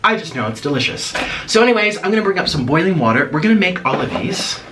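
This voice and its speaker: A man's voice: a little high, sing-song, quick pace. A man hosting a mukbang eating-show vlog, playful and rambling, chatting to viewers and cooing at his pet bird. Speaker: mukbang vlogger. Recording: distant mic with clear background noise.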